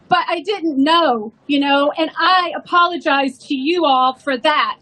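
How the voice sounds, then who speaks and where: A woman's voice: extremely high pitch, fairly bright tone, low-quality recording. A woman, a restaurant owner, telling an emotional story in an earnest rally speech.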